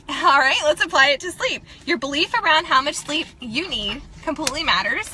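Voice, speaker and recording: A woman's voice: sits high, animated, normal speed, pushed and bright, rough recording. A woman in her thirties giving a casual, upbeat motivational talk to her viewers, chatty and laughing often. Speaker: self-help vlogger.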